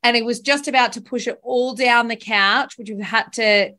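A woman's voice: fairly high pitch, fairly even intonation, normal speed, sharp tone. A woman hosting a podcast, telling a candid, emotional story about parenting. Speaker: podcast host. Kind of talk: casual podcast chat.

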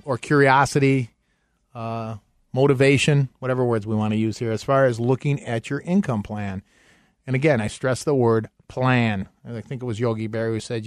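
Man hosting a finance radio show, upbeat sales pitch, dry close mic. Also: dry recording, soft background music. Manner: upbeat pitch, repeats phone number slowly.

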